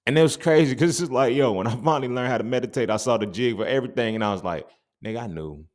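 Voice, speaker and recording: Speaking very fast in a mid-range voice, a young adult man hosts a podcast, running through a casual, animated monologue packed with cursing and street slang.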